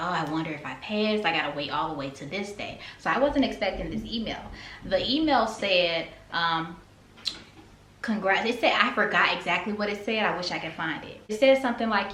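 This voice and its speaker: A young woman vlogger telling a story to camera in a casual, animated way, acting out her own reactions with big leaps in pitch. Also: reverberant.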